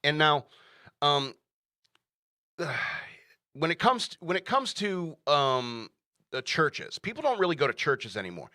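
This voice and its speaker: A man hosts his own radio show and delivers opinionated commentary on his own. His voice is bright and forceful. The sound is dry and close, and he keeps pressing his points home with repeated "all right?". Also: on the high side, big pitch swings, a little slow, long pauses, no echo. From United States.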